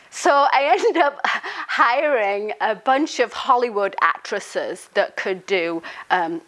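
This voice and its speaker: A woman's voice: medium pitch, fairly bright tone, rough recording. A woman telling a casual, chatty anecdote, often laughing and filling gaps with "um" and "you know.". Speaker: author and storyteller.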